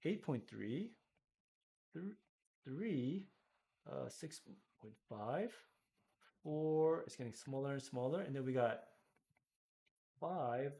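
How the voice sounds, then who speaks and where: A man with hiccups explains a math problem step by step. He works it out aloud in a casual teaching voice, pausing to check himself and fix slips. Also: medium pitch, gravelly, mellow, husky. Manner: thinks aloud while working problems, self-correcting. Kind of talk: screen-recorded math lesson.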